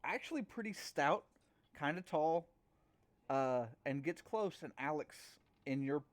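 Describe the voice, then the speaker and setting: A man narrating a tabletop game as game master in a halting way, with many fillers and restarts. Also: on the high side, expressive.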